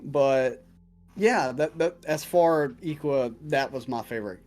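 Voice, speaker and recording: A man's voice: mid-range voice, unhurried, darkish tone, soft background music. A man acting as dungeon master, casually answering viewer questions with jokes and swearing. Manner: casual and profane, joking. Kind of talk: casual chat.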